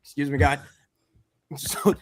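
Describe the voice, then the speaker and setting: A man's voice: on the high side, steady tone, slow, no echo, clean studio sound. A middle-aged man from Washington, D.C., coaching a men's circle, speaking bluntly and emphatically with some swearing. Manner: blunt, emphatic, swears, repeats "let's get real". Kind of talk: candid group talk.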